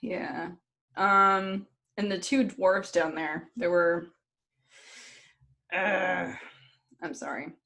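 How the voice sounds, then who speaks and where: Lower-pitched woman, giggly casual storyteller. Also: very slow, pauses often. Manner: giggly, animated storytelling, swears freely. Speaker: podcast co-host. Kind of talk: casual chat.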